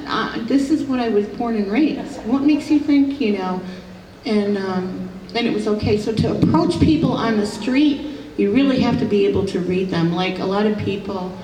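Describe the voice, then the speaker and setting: A woman's voice: medium pitch, darkish tone, slight background noise. A middle-aged woman, a psychic medium, giving a casual, rambling talk at an expo, full of fillers and restarts. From rural upstate New York. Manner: chatty, many fillers and restarts. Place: expo hall. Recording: roomy hall, recorded from a distance.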